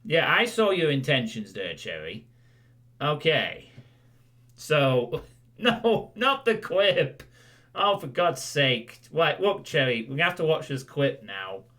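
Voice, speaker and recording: A man talks to his stream audience in a loose, rambling way, correcting himself and tossing in jokes. His pitch swings freely from phrase to phrase. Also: sing-song, takes it slowly, sharp tone. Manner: rambling, self-correcting, jokey. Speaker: streamer host. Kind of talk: casual recap talk to viewers.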